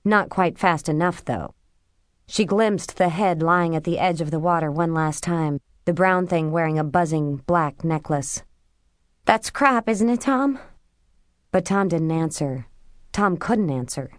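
A woman narrates an audiobook in a steady, measured way. Her voice sits on the low side for a woman. The recording is close and dry, made on a close studio mic with no room sound. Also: no echo. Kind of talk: scripted narration.

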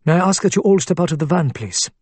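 A man voicing a suave male doctor who speaks with measured, courteous politeness. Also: on the high side, lively intonation, darkish tone, slightly rough, dry recording, voice pushed up. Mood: polite.

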